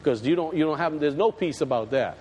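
High, lively pastor preaching. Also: male voice, a little fast. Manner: folksy, emphatic, talks straight to the congregation. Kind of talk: storytelling sermon. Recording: long hall reverb, faint background noise.

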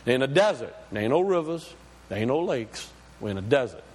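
A preacher doing a grumbling thirsty desert wanderer. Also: male voice, medium pitch, big pitch swings, a little fast, darkish tone, breathy edge, voice pushed down. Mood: grumbling, panicky. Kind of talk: acted-out sermon story. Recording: long hall reverb.

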